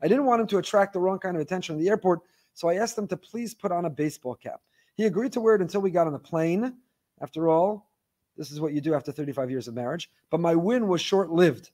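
A man teaching a Torah class, reading listener emails aloud in an animated storytelling way with wry asides. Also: sits high, fast.

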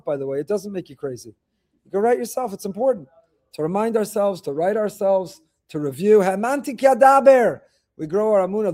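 A middle-aged man, a rabbi, giving a weekly faith talk, telling stories with animated delivery and repeating phrases for emphasis. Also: high voice.

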